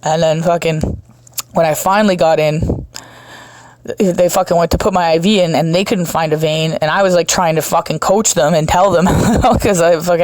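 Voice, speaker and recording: A woman's voice: low-pitched, darkish tone, dry recording. A woman hosting her own podcast, telling stories in a rambling, casual monologue full of swearing and laughs, with her breathing audible on a home mic. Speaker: podcast host.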